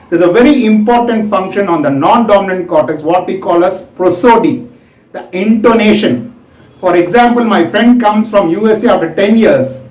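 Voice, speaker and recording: A man giving a slow, explanatory medical lecture. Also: high-pitched, darkish tone. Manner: slow, explanatory, acts out examples. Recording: echoey room, voice from a distance.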